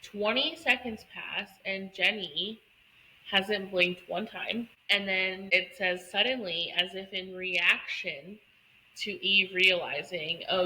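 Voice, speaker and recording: A woman's voice: medium pitch, sharp tone, slight background noise, poor audio. A woman co-hosting a casual book podcast, chatty and reactive, quoting characters as she retells scenes. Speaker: podcast co-host.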